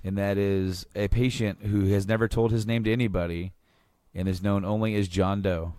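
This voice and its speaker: Low-voiced male podcast host, rambling. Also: level tone, normal speed, a little mellow, clean tone, dry recording, studio quality. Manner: rambling, enthusiastic recap with many restarts. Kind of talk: casual chat.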